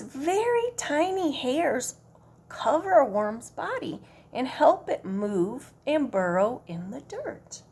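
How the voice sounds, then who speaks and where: Children's librarian, woman, Midwestern American, high voice with a bit of fry, big swoops in pitch. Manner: animated, coaxing kids to join in and count. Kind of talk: children's storytime reading. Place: public library.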